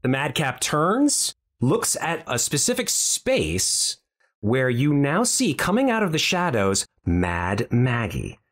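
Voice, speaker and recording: A man narrating a tabletop game as dungeon master, playful and animated, with music behind. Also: mid-range voice, slow pace. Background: background music.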